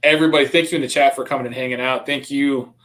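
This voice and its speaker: A man hosting a casual live stream, chatting in a relaxed, rambling way with lots of fillers. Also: mid-range voice, very fast. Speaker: channel host.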